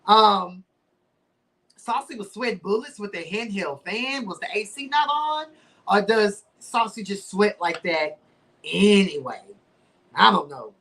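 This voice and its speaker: A man hosting a podcast, recapping a reality show in casual slangy chat with lively swings in pitch and playful sound effects. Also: unhurried, creaky. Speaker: podcast host.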